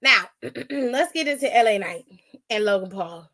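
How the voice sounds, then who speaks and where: Woman, high voice, young adult, podcast host, blunt, profane, casual recap. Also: lively intonation, unhurried, pushed and bright. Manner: blunt, profane, with acted-out quotes.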